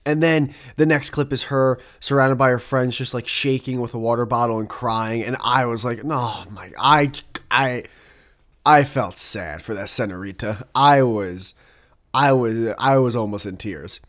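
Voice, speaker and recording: A man's voice: medium pitch, measured pace, fairly bright tone. A young man hosting his own podcast alone, talking casually in a rambling, profane way that keeps breaking off into asides. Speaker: podcast host. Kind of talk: casual solo podcast monologue.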